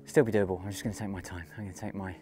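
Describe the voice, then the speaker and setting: A man's voice: deep voice, fairly even intonation, rapid-fire, warm tone, a little hiss or hum. A man talking casually to the camera while hiking outdoors on a mountain trail, thinking aloud and joking at his own expense. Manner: chatty, thinking aloud, self-mocking. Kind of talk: casual walking vlog.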